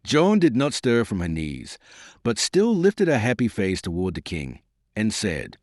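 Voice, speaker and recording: A male audiobook narrator with a low voice reads a historical novel in measured, expressive storybook style. His intonation rises and falls widely, and the close recording is completely dry. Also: no room sound.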